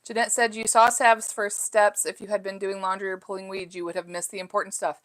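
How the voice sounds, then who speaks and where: A woman's voice: mid-range voice, flat delivery, fairly quick, a bit bright. A middle-aged woman hosting a casual live chat from home, reading viewer comments aloud and musing on her life with fillers and restarts. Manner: chatty and self-reflective, with frequent fillers. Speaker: live stream host.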